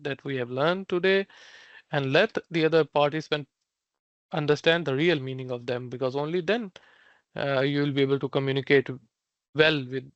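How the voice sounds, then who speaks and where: A man teaching an online Mandarin class, slowly repeating phrases and explaining them with fillers like "uh" and "like". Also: a little high, dry recording. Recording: dull, dry lo-fi sound.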